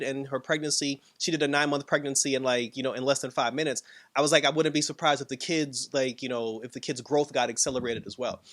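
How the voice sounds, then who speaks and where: A man casually reviewing a TV episode, laughing often and acting out characters' lines. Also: a bit bright. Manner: laughing, filler-heavy, acts out quotes in a high voice. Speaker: show reviewer.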